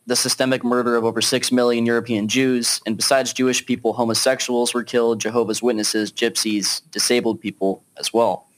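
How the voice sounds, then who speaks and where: A man's voice: mid-range voice, a bit bright. A man hosting a casual podcast discussion, talking in a laid-back, chatty way with plenty of fillers. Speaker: podcast host.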